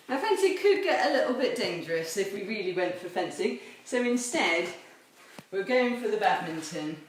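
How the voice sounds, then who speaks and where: At normal speed and in a sing-song, mid-range voice, a woman leads a home video chapel assembly for children, moving between her house and a garden course outside. She's cheerful and playful, explaining each game step by step. A helper holds the camera some distance off, so the recording is echoey and distant with a bit of noise.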